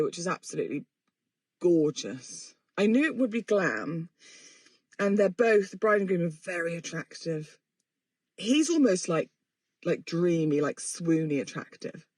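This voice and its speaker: A woman's voice: lowish voice, no echo. A woman, hosting a podcast in a rambling, self-mocking and sweary casual chat. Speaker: podcast host. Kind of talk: casual chatty monologue.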